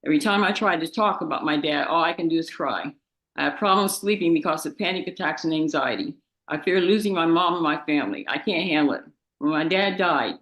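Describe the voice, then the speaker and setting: A woman of about twenty reads her victim impact statement in court, grief-stricken and tearful, halting and restarting as she speaks of her father. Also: fairly low pitch, a bit bright, rough recording.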